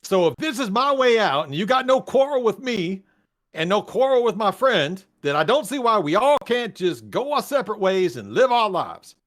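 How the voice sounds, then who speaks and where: A man's voice: high voice, very animated, moderate pace. A man voicing a weary bartender and sax player who wants out of crime, pleading in an easygoing way with a put-on accent.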